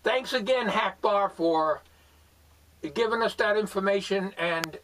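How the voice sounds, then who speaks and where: A man hosting a homemade comedy skit. He speaks politely in a fairly high voice, stalling with ums and uhs. He sits back from the mic. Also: measured pace, a bit bright. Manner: hesitant, polite, many fillers. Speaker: host. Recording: voice far from the mic.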